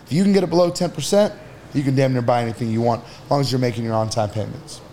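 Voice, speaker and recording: This entrepreneur guest fires off advice rapidly on a podcast, talking bluntly, casually and with some cursing. His mid-range voice is warm, and a little hiss or hum sits in the recording.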